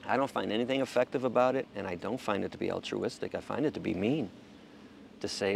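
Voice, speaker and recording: A man's voice: medium pitch, brisk, vocal fry, slight background noise. A man speaking passionately about animal sanctuaries in a casual monologue, stammering into restarts and swearing now and then. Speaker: vegan animal rights advocate.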